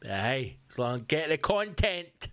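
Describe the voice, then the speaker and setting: A man's voice: on the high side, big pitch swings, a little slow, bright, forceful tone, no room sound. A man hosting a podcast, ranting comically with sarcastic swearing asides. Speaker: podcast host. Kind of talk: comic rant. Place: home room.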